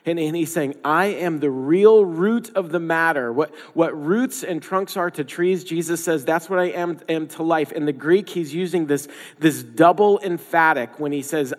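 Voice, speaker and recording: Male pastor, sermon, conversational and emphatic, fairly high voice, long hall reverb. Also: normal speed, hardly any pauses. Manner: conversational, emphatic, repeats phrases for stress.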